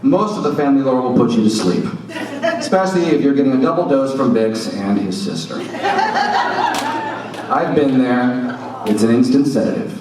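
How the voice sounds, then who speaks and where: A man in his thirties delivers a wry birthday roast of his father, his pitch swinging widely as he tells stories. He is picked up from a distance in a very echoey room. A crowd laughs loudly around him. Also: animated, normal speed, pauses often. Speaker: son giving a birthday roast. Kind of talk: comedic roast speech. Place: banquet room with a live audience. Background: audience laughter.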